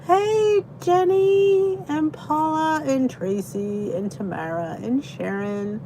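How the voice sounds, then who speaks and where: A tired, chatty woman hosts a casual livestream from her basement beside a heater, yawning, laughing often, and greeting viewers by name. Her voice is high and slow, with background noise in the recording.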